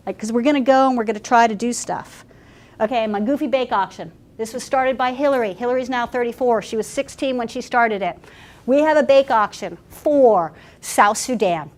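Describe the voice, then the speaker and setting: A woman pastor leads a workshop, telling stories in a lively, chatty way. She restarts her sentences often and speaks a little high. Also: moderate pace. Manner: animated, chatty, laughing, full of restarts. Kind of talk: storytelling workshop talk.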